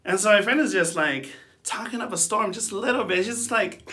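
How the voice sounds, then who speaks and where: Young guy chatting through a story to a youth group, kinda high, bright voice, lots of likes and ums. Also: fairly quick. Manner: chatty, laughing, lots of fillers and asides. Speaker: youth speaker. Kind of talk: casual youth sermon storytelling.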